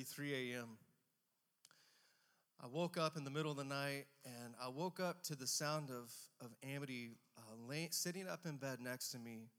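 Man, pastor, earnest and fervent, bright forceful voice, long church reverb. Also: medium pitch. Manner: earnest, fervent, halting restarts. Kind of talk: sermon introduction. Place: church sanctuary.

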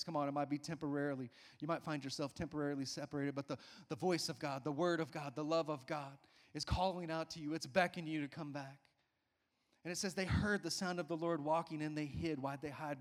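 A man's voice: medium pitch, in a large hall. A male pastor preaching a sermon with emphatic call-outs to the congregation.

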